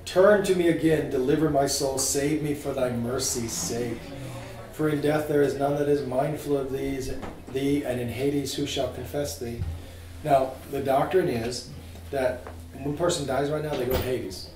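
A man teaching a small group about scripture, informal and animated, asking his listeners questions. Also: medium pitch, moderate pace, echoey room, distant mic, poor audio. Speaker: priest teaching a catechism class.

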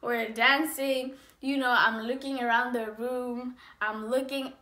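A young woman vlogger telling a storytime tale in a casual, animated way, acting out her own lines. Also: a little high, a little slow, echoey room. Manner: animated, acts out dialogue with big swings in loudness.

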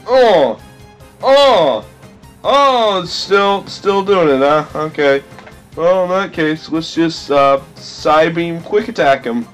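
A man hosting a game let's play, with goofy, excitable commentary full of silly sound effects. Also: fairly high pitch, slow pace, soft background music.

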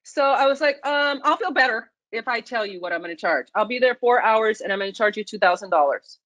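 A woman speaking on a video call, telling a personal story with lively acted-out dialogue. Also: on the high side, a little fast, no room sound, rough recording. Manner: animated, acts out her own and others' lines. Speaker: featured speaker.

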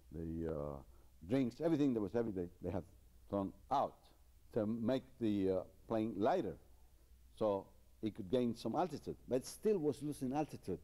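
Animated man telling jokes. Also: on the low side, normal speed. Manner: animated, repetitive storytelling with chuckles. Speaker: stand-up comedian. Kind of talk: joke telling.

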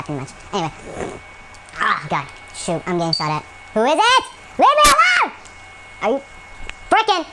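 A man's voice: high-pitched, fairly bright tone, a little hiss or hum, poor audio. A man giving gameplay commentary at home, rambling with many fillers and breaking into yelps and rants at the game. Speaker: gaming channel host.

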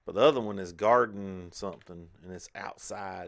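Guy with a kinda low voice, just chatting to himself while playing a game. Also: normal speed, vocal fry. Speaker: gaming channel host. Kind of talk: casual let's play commentary.

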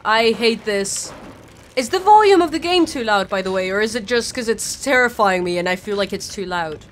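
A young woman streaming a game live. She swears a lot and swings between panicked shrieks and low mumbles. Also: lively intonation, normal speed, a little hiss or hum. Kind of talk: live gameplay commentary.

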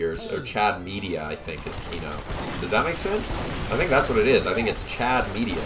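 Deep-voiced young man yelling at a game. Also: animated, fairly quick, over music. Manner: joking, breaks into sudden yelling at the game. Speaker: let's play host. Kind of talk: casual gameplay commentary.

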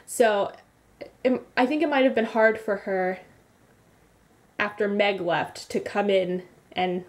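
A woman's voice: mid-range voice, slow pace. A young woman vlogging, telling a rambling story with frequent giggles. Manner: rambly, giggly, animated retelling. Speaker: beauty vlogger. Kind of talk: casual vlog recap.

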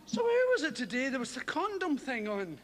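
Brisk and very high-voiced, this stand-up comedian swears freely and animatedly acts out the voices of people in his stories. It's a live stage recording with background noise, and his voice trails a long reverb tail.

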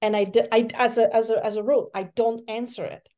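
A woman author telling a lively story on a video call, repeating phrases as she gets excited. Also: a little high, quick pace. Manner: animated, repeats herself when excited. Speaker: award-winning author.

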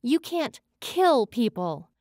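A woman's voice: mid-range voice, sing-song, measured pace, a little mellow, no room sound. Lady narrator doing young fae girl, desperate, urgent strained pleading, dry close sound. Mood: tense. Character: young fae woman student, desperate and determined.

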